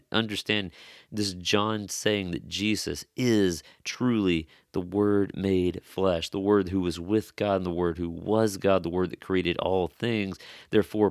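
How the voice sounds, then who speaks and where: A man's voice: low voice, no echo, clean studio sound. A man preaching an expository sermon in an earnest, conversational way, stressing key phrases.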